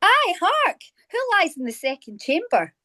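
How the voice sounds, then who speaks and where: A woman's voice: extremely high pitch, wildly swooping pitch, bright, forceful tone, voice pushed up, heavily acted. A woman reading the lines of a shaken male nobleman in a script exercise, echoing cue words, over a phone on a video call. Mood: tense. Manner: plain, halting reading with echoed cue words. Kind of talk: script read-aloud exercise.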